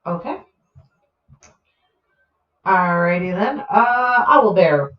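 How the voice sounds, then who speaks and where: A woman running a tabletop game as game master, relaxed and hesitant with many fillers. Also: fairly low pitch, extremely slow, roomy sound, lo-fi sound.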